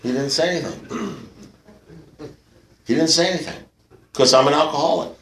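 A man's voice: fairly high pitch, moderate pace, fairly bright tone, roomy sound, rough recording. A man telling a long story to a recovery meeting, rambling with many fillers and blunt, profane humour. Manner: rambling, full of "you know" fillers. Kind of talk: storytelling talk to a live audience. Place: meeting room with an audience.

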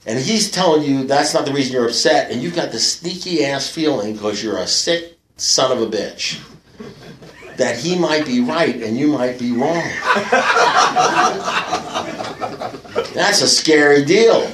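A man's voice: mid-range voice, expressive, slow pace, pauses often, fairly bright tone, roomy sound, a little hiss or hum, poor audio. A man telling a long story to a recovery meeting, rambling with many fillers and blunt, profane humour. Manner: rambling, full of "you know" fillers. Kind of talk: storytelling talk to a live audience. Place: meeting room with an audience.

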